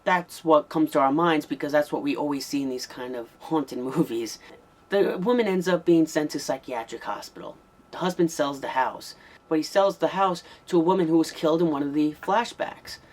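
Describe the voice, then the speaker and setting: A man's voice: a little high, normal speed. A man giving a casual, rambling spoken review of an old horror tape, with frequent ums and restarts. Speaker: VHS movie reviewer.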